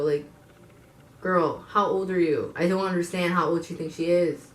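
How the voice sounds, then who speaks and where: A woman's voice: on the low side, fairly even intonation, moderate pace. A woman in her twenties telling a personal story to her viewers, blunt and frank, swearing freely and turning to the audience with asides. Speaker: vlogger. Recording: echoey room.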